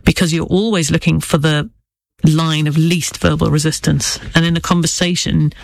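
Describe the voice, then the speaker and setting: A woman's voice: sits low, steady tone, normal speed, gravelly, no echo. A middle-aged woman author speaking candidly and thoughtfully in an interview, with occasional stammers and restarts. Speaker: author guest. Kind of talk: reflective interview talk.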